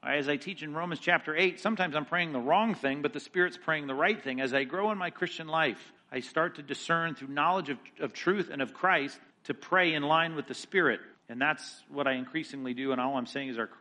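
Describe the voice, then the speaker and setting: A man, a pastor, teaching a Bible study in a lively sermon style, reading Scripture aloud with rising emphasis and tossing in quick asides. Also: fairly high pitch.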